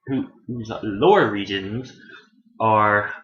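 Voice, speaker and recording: Speaking at a slow pace with a fairly bright tone, a man rambles through a casual anime review. He's profane and self-correcting, wandering off topic and voicing characters shrilly. The audio is dull and lo-fi, captured in an echoey room.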